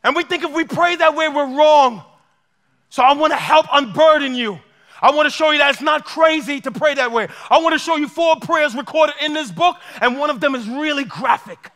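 A man's voice: very high voice, normal speed, a bit bright. A man preaching a sermon as pastor, impassioned and acting out heartfelt prayers in a large church. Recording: long church hall reverb.

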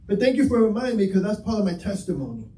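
High-voiced pastor preaching in an echoey hall. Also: male voice, very animated, very fast, mellow. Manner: impassioned, conversational preaching with acted-out dialogue. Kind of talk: sermon. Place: church sanctuary. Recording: echoey church hall, mic from a distance.

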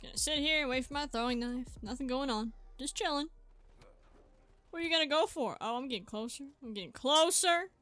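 Woman gamer host, bright kinda high voice, yelps a lot while playing, faint music behind. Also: fairly quick, dry recording. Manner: excitable, yelps and exclaims mid-game, chatty to viewers. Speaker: gaming channel host. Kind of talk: gameplay commentary. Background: faint background music.

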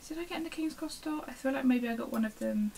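A woman's voice: sits high, fast, gravelly, a little mellow, slight background noise, low-quality recording. Chatty young woman vlogging. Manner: chatty, rambling, self-interrupting. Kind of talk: casual show-and-tell chat.

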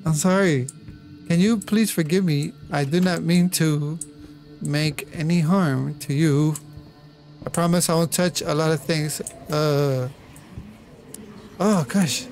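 A man's voice: a little high, steady tone, slow, long pauses, darkish tone, faint music behind. A man doing let's play commentary on a horror game, jumpy and apologetic, with nervous laughs and a lot of swearing. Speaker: gamer.

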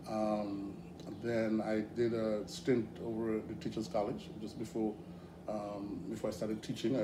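A middle-aged man from Grenada with a Grenadian accent, guesting in a casual interview, telling stories in an animated way with frequent laughs. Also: on the low side. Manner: animated, hesitant with fillers, laughs often. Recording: echoey room with background noise.

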